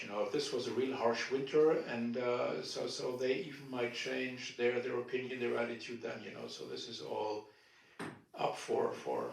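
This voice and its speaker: A man's voice: medium pitch, creaky. Older man, distant echoey room. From Germany. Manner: conversational, many restarts and repeated words. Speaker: retired ambassador, guest speaker. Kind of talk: Q&A answers at a public talk.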